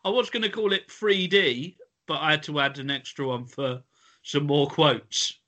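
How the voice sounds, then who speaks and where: Man, quiz host, playful, giggly, stumbles over words, bright tone, a bit high. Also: moderate pace. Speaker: podcast host running a quiz. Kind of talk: casual chat.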